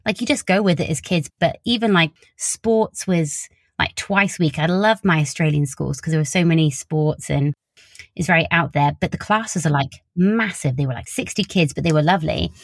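Young woman, southern English accent, somewhat low voice, dry close sound, chatty with frequent laughs. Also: normal speed, no room sound. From Wiltshire, England. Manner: chatty, laughs often, many "like" fillers. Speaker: interviewee, social media creator. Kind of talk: casual interview chat.

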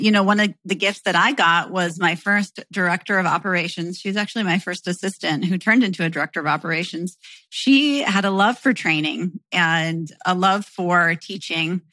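Bright-voiced woman co-host. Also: lowish voice, moderate pace, no room sound. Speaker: podcast co-host. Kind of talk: casual podcast chat.

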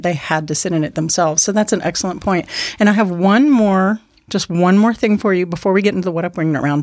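A woman's voice: lowish voice, dry recording. Bubbly woman podcast host, dry close mic. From Miami. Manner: bubbly, laughs often. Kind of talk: casual interview chat.

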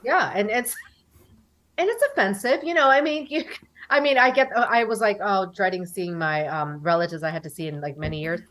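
A woman from the United States in her forties, guesting on a casual interview, speaks in a mid-range, slightly bright voice at a moderate pace. She chats animatedly, acting out other people's words.

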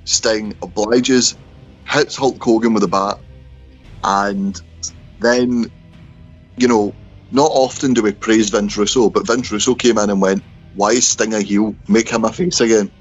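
Male podcast co-host, low and wry, muffled call audio. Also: fairly even intonation, measured pace, slightly rough, faint music behind. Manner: wry storyteller running through events. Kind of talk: casual chat and recap. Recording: dull, lo-fi remote call.

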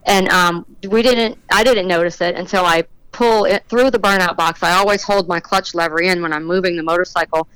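Woman telling a race-day story, low smooth voice. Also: brisk, hardly any pauses, no room sound, poor audio. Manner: animated storytelling, acts out quoted voices. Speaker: drag racing motorcycle rider, guest. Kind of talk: podcast interview storytelling.

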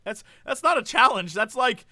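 A man's voice: extremely high pitch, expressive, normal speed, pushed and bright, no echo, clean studio sound. A man chatting casually on a podcast, animatedly telling a story and acting out the people in it.

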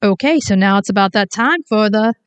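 A woman co-hosting a casual podcast chat, playful and quick to laugh. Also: mid-range voice, smooth. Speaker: podcast co-host.

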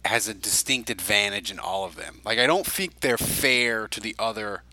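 A man's voice: fairly low pitch, normal speed, noisy background. A man hosting a podcast, chatting casually in a rambling way, full of fillers and restarts. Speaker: podcast host. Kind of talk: casual chat.

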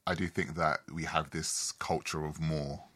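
A man's voice: rumbling low, level tone, unhurried, a bit bright, breathy edge. A man hosting a casual conversation, rambling and reflective with frequent restarts. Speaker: podcast host.

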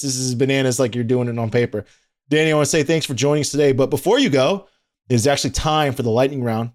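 A man hosting a podcast interview, energetic and enthusiastic, peppering his talk with "like". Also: medium pitch. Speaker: podcast host.

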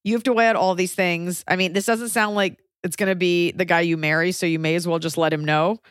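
Young woman on a podcast, lowish voice, blunt and sweary, asks question after question, dry close sound. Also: fairly even intonation, fairly quick, clean tone, no room sound. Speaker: podcast co-host, comedian. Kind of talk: casual advice chat.

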